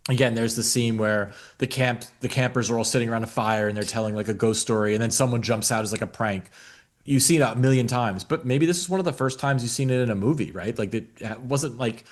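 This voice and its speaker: A man's voice: medium pitch, fairly quick. A man co-hosting a podcast, chatting casually about a film, with many fillers and restarts. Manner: loose, filler-heavy opinions with many restarts. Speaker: podcast co-host. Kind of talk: casual chat.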